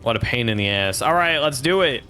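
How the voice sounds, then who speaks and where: A man's voice: medium pitch, animated, brisk, bright, forceful tone, faint music behind. A man streaming a game, joking and rambling in casual commentary, cursing freely.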